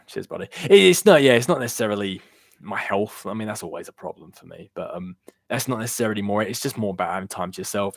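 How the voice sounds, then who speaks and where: A man's voice: fairly low pitch, no room sound, studio quality. A young man chatting casually on a gaming live stream, rambling loosely and answering viewer questions from chat. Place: home room. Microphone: worn-out desk microphone.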